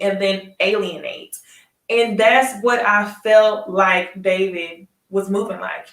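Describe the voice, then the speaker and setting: A woman's voice: mid-range voice, fairly bright tone, reverberant, recorded from a distance. A woman hosting a casual live recap of a reality dating show, chatting straight to her viewers and laughing often. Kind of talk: casual live review chat.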